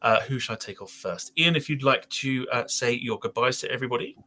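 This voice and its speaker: A man's voice: mid-range voice, a little fast, pushed and bright. A man hosting a casual podcast chat, rambling a little with fillers as he goes. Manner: rambling, with frequent fillers and laughs. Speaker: podcast host.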